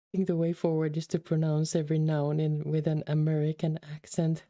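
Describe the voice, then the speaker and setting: A woman's voice: low voice, monotone, fairly quick, warm tone, no echo, studio quality. A woman streamer chatting casually with her viewers while reading a game, affectionately calling them darlings.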